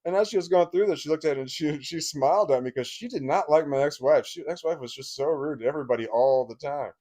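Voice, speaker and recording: A man's voice: a little high, fast, mellow. A man telling a personal story in a vlog, emotional and blunt, swearing freely and often restarting his sentences. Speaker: vlogger.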